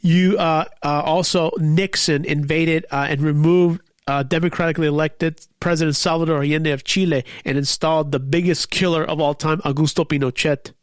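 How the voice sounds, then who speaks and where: A man's voice: on the high side, fairly even intonation, moderate pace, few pauses, dry recording, clean studio sound. A man hosting his own talk show, ranting angrily about politics with lots of swearing and restarts. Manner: profane, heated, rambling with restarts. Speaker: podcast host. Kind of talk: angry political rant.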